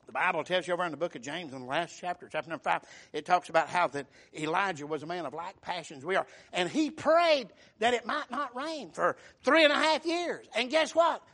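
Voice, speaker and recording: A man preaching a sermon, telling folksy stories and rising into fervent shouts. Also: fairly high pitch. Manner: fervent, builds to shouting bursts, folksy storytelling.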